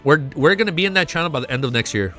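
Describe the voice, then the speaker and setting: An excitable young man chats on a casual live stream, swearing freely and saying "dude" a lot. His voice is bright and forward. Faint music plays quietly behind him. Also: fairly high pitch, very fast. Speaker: streamer reacting to a web novel.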